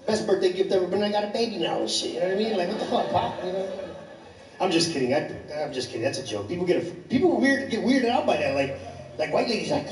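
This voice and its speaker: A man in his thirties tells stand-up stories in a rambling, animated, profane way. His voice sits high for a man. He is picked up from a distance in an echoey comedy club. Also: fast talker, noisy background. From Chicago. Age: 30s. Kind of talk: stand-up storytelling.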